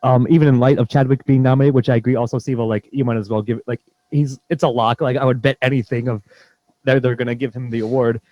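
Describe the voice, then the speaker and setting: A man chats quickly on a podcast, his words tumbling out with plenty of fillers and restarts. His voice is warm and mellow, and the sound is dull and lo-fi. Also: mid-range voice, fairly even intonation, no echo. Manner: rambling, many fillers and restarts. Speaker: podcast co-host. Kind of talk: casual chat.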